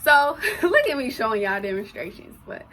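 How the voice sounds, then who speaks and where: A teenage girl tells a personal story in a vlog, emotional and animated. Her voice sits a little high and sounds bright. Faint noise sits behind her. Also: moderate pace. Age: teens. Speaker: vlogger.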